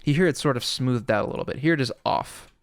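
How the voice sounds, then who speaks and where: An animated man talks quickly in a mid-range voice, casually explaining sound design as a music producer and saying "sort of" a lot. The recording is dry, made close to a studio mic.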